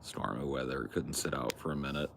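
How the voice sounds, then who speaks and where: A very deep-voiced young man from California, chatting loosely on a podcast. He is laid-back and crude, with a joking edge. Faint background noise sits under his voice. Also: steady tone, fairly quick, creaky. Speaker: podcast host. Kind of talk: casual podcast banter.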